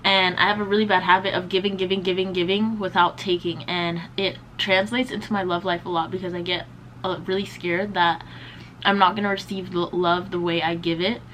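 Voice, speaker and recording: A woman's voice: fairly low pitch, level tone, brisk, fairly bright tone, a little hiss or hum, rough recording. A young woman in her twenties, chatting casually and slangily as a beauty vlogger while doing her makeup. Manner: chatty, slangy, lots of "like" and "bro".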